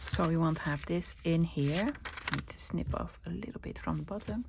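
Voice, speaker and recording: A woman's voice: low-pitched, moderate pace, creaky, heavy background noise. A woman with a Dutch accent chatting casually while crafting at her desk, thinking aloud and answering her own questions. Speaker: crafting vlogger.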